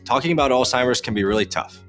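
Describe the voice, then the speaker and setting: A man's voice: medium pitch, fairly bright tone, soft background music. A man reading a scripted public service announcement in an earnest way. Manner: earnest, quick read.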